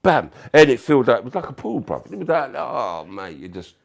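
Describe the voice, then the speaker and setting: An older man with a London accent telling animated stories as a podcast guest, swearing and acting out quotes with loud bursts. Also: mid-range voice, fairly quick, creaky. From England. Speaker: podcast guest, former footballer. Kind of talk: casual storytelling.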